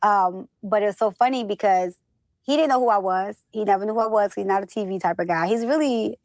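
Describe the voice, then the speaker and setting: A woman from the northern United States, an interview guest telling stories in a lively, chatty way and acting out quoted dialogue. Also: mid-range voice, brisk, dry recording. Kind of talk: casual storytelling chat.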